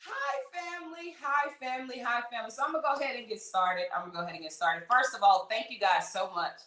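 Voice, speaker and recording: A woman hosting a livestream, greeting viewers by name in a gushing, emotional way, her voice trembling with excitement. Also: a little high, fast talker, echoey room. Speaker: livestream host.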